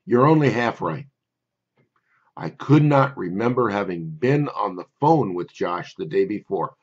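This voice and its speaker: An older man, a memory course instructor, telling a personal story in a wry, conversational way before pitching his course. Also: breathy edge, dull audio.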